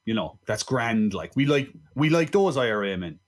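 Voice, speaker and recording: A man with an Irish accent co-hosting a film podcast, talking in an animated, swearing way with lots of rhetorical asides. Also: medium pitch, moderate pace. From Ireland. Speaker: podcast co-host. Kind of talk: casual film-review chat.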